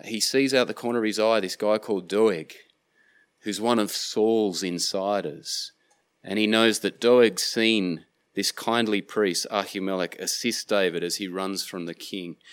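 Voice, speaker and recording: Pastor retelling scripture casually. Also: male voice, low voice. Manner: casual, paraphrasing scripture in slang. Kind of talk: sermon storytelling.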